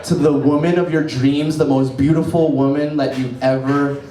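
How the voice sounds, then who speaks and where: Guy doing standup in a bar, talks quick n rambly, lots of "right?", kinda high voice, echoey room. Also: steady tone, dark tone, far from the mic. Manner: quick, rambling storytelling full of "right?" and "you know". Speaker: stand-up comedian. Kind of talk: stand-up comedy set. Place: cafe bar comedy room.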